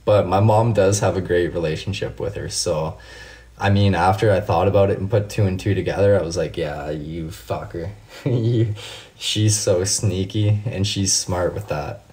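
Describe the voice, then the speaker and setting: A man's voice: sits low, normal speed, darkish tone. A man casually chatting with viewers on a late-night live stream, swearing freely and telling laid-back stories while he answers comments by name.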